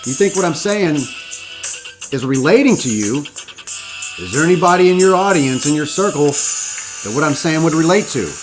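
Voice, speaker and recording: Over backing music, a podcast host speaks at a moderate pace with long pauses, his slightly high voice animated. It's an impassioned, profane live-stream monologue, preachy in manner and aimed at rallying his audience.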